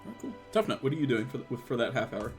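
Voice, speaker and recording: A man narrating a tabletop game as game master over an online call, playful and animated. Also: medium pitch, racing, soft background music. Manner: animated, playful, laughing often.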